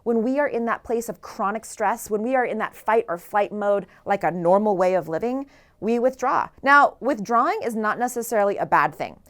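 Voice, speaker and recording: A woman's voice: medium pitch, animated, normal speed. A woman author giving an earnest motivational talk, asking the listeners rhetorical questions. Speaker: author and speaker.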